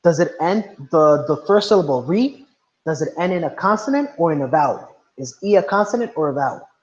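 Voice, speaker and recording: A man's voice: on the high side, lively intonation, a little fast. Patient male teacher, dull lo-fi sound. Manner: patient, questioning, mixes in Spanish. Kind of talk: online class lesson. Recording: dull lo-fi audio.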